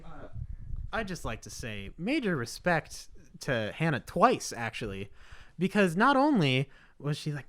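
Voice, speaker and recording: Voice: medium pitch, very animated, moderate pace. A cast member chatting casually, playful and laughing while praising a friend. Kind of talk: casual chat.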